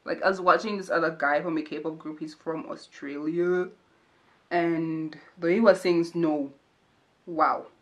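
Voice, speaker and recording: A woman's voice: deep voice, fairly even intonation, measured pace, muffled recording. A young woman chatting casually and jokingly while she does her makeup for a vlog. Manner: chatty, jokey, playful voices and asides. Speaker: vlogger. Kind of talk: casual get-to-know-me chat while doing makeup.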